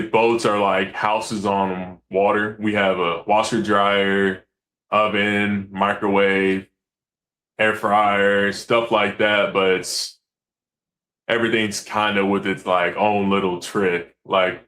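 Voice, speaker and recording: A man, a commercial fisherman, telling stories in a casual, animated way, acting out quotes and swearing freely. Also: lowish voice. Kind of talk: casual storytelling.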